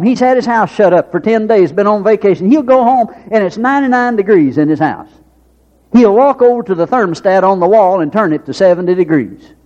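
Folksy preacher, slightly high voice. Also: male voice, a little mellow. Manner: folksy, plays out characters in quoted voices, rhetorical questions. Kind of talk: sermon with acted-out anecdotes. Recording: dull lo-fi sermon recording.

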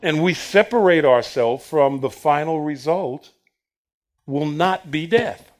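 A man's voice: a little high, slow pace. A man preaching a sermon, acting out the Bible characters' words with bursts of laughter. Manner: animated, acts out Bible quotes with laughter.

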